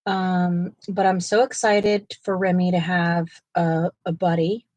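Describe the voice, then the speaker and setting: A woman's voice: fairly low pitch, level tone, a little slow, a little mellow, dry recording. A woman hosting a coloring livestream, chatting casually and talking to her viewers in the chat as she colors. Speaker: livestream host.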